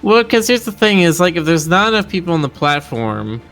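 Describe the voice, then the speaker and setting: A man's voice: fairly high pitch, very animated, a little fast, fairly bright tone, faint music behind. A man co-hosting a game stream, explaining his opinions at length in casual chat. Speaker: stream co-host.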